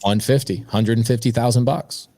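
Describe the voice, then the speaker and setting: Male podcast guest, mid-pitched, chatty storyteller who acts out the dialogue; dry, close recording. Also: normal speed, dry recording. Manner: lively anecdote-telling, acts out quoted dialogue; conversational, frequent "like" and "I go". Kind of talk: casual storytelling.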